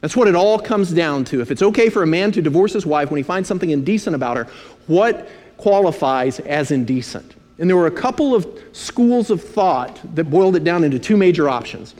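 A man preaching a sermon, emphatic, slowing to stress key phrases and dropping in dry asides. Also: a little high, animated, a little mellow. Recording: long hall reverb.

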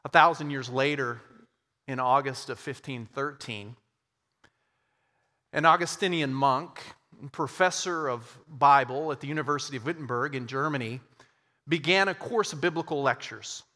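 A man telling a church history story as part of a sermon, with slow, dramatic pauses. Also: mid-range voice, pushed and bright, in a large hall.

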